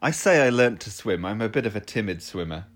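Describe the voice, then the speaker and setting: A man's voice: on the low side, animated, fairly quick, slight background noise. A man from Northumberland, England, co-hosting a podcast in casual chat. He is wry and playful and laughs often. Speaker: podcast co-host. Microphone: headphones and mic, podcast.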